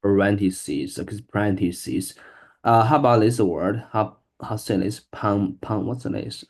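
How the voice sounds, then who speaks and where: A man's voice: fairly low pitch, measured pace, darkish tone. A man learning English, reading aloud hesitantly, with many restarts and stumbles over words. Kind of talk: casual reading-aloud practice.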